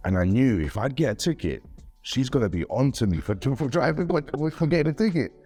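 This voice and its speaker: Faint music plays behind a low-voiced man speaking at a moderate pace as an interview guest. He's a father who talks casually, rambling and repeating words, and grows animated when quoting others.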